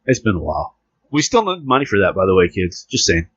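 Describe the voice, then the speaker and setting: A man hosting a casual podcast, laughing often and reading a news story aloud with halting restarts. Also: sits low, very animated, husky, dry recording. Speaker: podcast host. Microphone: close podcast mic with headphones. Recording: dull lo-fi dry podcast audio.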